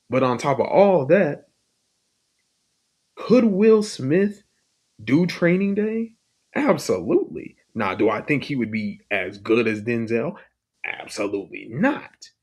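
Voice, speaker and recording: A man hosting a podcast in casual chat, talking in an animated, emphatic, argumentative way. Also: medium pitch, slow pace, pauses often, breathy edge. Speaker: podcast host.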